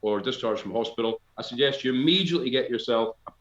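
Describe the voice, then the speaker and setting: A Scottish man spinning rambling, deadpan comic patter between songs. His voice sits in a middle range and sounds slightly dull. The room around him is echoey. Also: medium pitch, quick pace. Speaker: folk band member. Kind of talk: joking live-stream banter. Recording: echoey, slightly dull live-stream audio.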